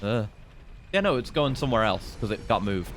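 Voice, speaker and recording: A man's voice: lowish voice, big pitch swings, brisk, slight background noise. A young British man giving casual, chatty commentary while streaming a game, swearing and teasing enemies. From Britain.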